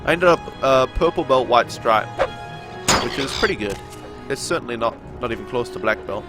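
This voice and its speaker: A man's voice: medium pitch, lively intonation, normal speed. Young man rambling over game music. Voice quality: nasal. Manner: rambling, chatty, answers viewer chat. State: sore throat. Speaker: game streamer. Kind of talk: casual chat during a live game stream.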